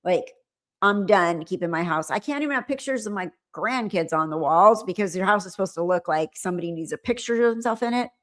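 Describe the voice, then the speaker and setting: Chatty middle-aged woman, low-voiced. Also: expressive, brisk, fairly bright tone. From California. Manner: chatty, rambling, laughs often. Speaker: livestream host. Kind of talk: casual live chat.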